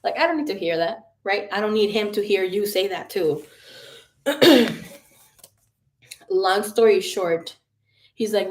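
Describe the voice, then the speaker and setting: A woman in her early thirties hosts a casual livestream, trading tarot talk for animated family gossip. Her voice sits at an ordinary middle pitch as she tells stories with plenty of swearing. She laughs often between lines. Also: a little slow, pauses often. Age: early 30s. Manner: animated, profane storytelling. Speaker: psychic tarot reader and livestream host.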